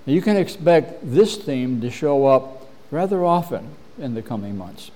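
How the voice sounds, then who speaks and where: Earnest male pastor, mellow voice. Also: medium pitch, lively intonation. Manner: measured, earnest, frequent throat clearing. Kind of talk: sermon.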